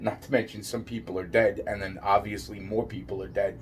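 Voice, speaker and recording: Brisk and level in tone, a man's voice on the low side comes through with slight background noise. He's a vlogger ranting straight to camera in a rambling, profane monologue, repeating himself and stumbling over restarts.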